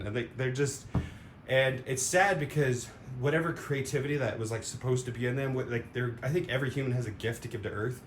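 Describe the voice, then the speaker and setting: A man giving a casual, rambling opinion monologue, full of fillers and sound effects. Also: brisk. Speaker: vlogger. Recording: roomy echo with faint rumble.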